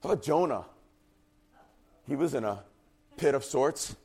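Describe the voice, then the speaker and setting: A man preaching a sermon in an earnest, emphatic way, and his voice at times falters and turns quiet and husky. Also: mid-range voice, animated, a little slow. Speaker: pastor.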